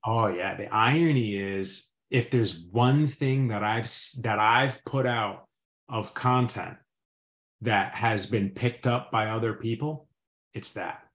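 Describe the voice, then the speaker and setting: A man's voice: on the low side, slow pace, a bit bright, echoey room. A man hosting a podcast, talking in an earnest and reflective casual chat. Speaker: podcast host.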